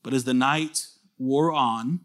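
A pastor preaching a sermon in a lively, conversational way, often asking the listeners questions. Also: male voice, medium pitch, slow pace. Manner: casual fillers and restarts.

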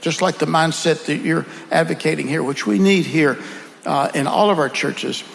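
A man's voice: a little high, moderate pace, vocal fry, big-room sound, low-quality recording. A man with a Southern accent, telling earnest, folksy stories as a guest in a conversation. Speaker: guest speaker. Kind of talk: conversational storytelling.

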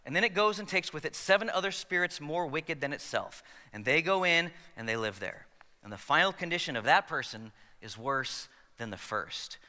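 Brief: male pastor, high-pitched and sharply forceful, chatty sermon with jokes, in a long-reverb hall. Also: animated, moderate pace. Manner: conversational, joking asides to the congregation.

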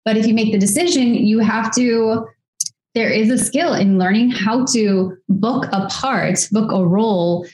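A woman's voice: fairly high pitch, a little slow, darkish tone, a little hiss or hum. A woman in her thirties, an actress guest in a casual interview, talking in a reflective, chatty way with many fillers. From United States. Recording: echoey room.

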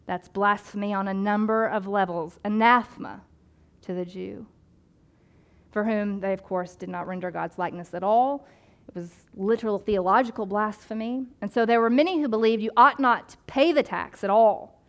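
A woman pastor delivers a sermon in a relaxed, conversational way. Her voice sits at a middling pitch, and she animates the story with quick asides and playful voices for the people in it.

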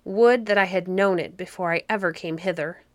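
A woman reading aloud, voicing a temperamental queen in a fairy story, anguished and sharp. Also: fairly low pitch, moderate pace, dry recording, natural voice. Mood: angry.

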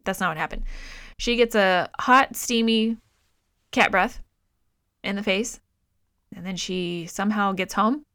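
A woman co-hosting a podcast, recapping a film in a profane, exasperated, animated way. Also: mid-range voice, measured pace, pauses often, clean tone, no echo, studio quality. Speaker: podcast co-host. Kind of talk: casual movie review chat.

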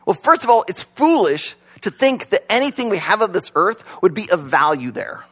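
A pastor's voice sits high, with big swings in pitch, a moderate pace and a breathy edge. He preaches a sermon in a conversational, joking way, filling it with "like" and "you know," at a church service that is also streamed online.

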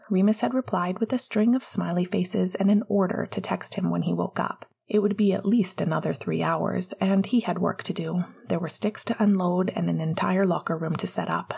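A woman narrating a fan fiction audiobook softly, often dropping into a whisper. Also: fairly low pitch, steady tone, normal speed, creaky, hardly any pauses, breathy edge.

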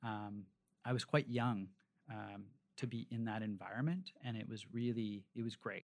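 A Canadian restaurateur in his forties, guesting on a casual interview, tells long rambling stories full of fillers and restarts in a lowish, gravelly voice at a moderate pace.

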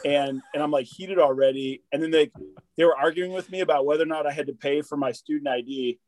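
A man's voice: on the high side, fast talker, a little mellow, no echo. Rambling, cursing guy, dry close sound. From Wisconsin, US. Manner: rambling, swears freely, repeats and restarts words, says dude and bro. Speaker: military veteran guest. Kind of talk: casual storytelling conversation.

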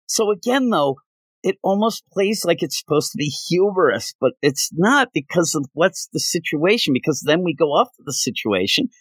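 A man's voice: on the high side, big pitch swings, normal speed, fairly bright tone, breathy edge, dry recording. A man co-hosting a comic book podcast, recapping an issue in casual chat and acting out the characters' lines. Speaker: podcast co-host.

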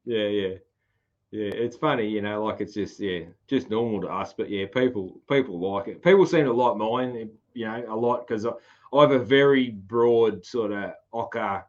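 A man's voice: lowish voice, normal speed, highs cut off. A man with a broad Australian country accent, hosting a casual podcast chat, rambling and laughing often. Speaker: podcast host.

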